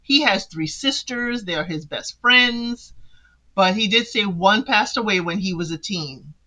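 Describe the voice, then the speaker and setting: Sassy lady doing a reality tv recap, bright voice that jumps all over, calling folks out. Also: mid-range voice, animated, unhurried. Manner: sassy, talks straight to the people she discusses. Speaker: recap podcast host.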